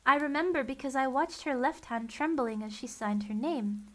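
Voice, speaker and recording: Woman reading as an excited bookish boy. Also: high voice, moderate pace, voice pushed up.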